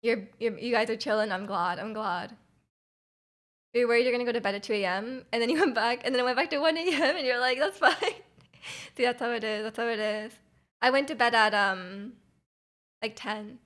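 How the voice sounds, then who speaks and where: Young woman streamer rambling to chat, kinda high voice, giggly, lots of "like". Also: fairly quick, fairly bright tone. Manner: chatty, rambling, many fillers and giggles. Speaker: livestreamer. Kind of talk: casual chat with viewers.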